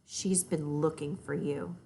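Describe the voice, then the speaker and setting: A woman voicing a bossy older sister who speaks slowly and deliberately to spook her sibling. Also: low voice, fairly even intonation, creaky, warm tone, slight background noise, pitched below the performer's own voice, heavily acted. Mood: ominous. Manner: slow, deliberate and ominous.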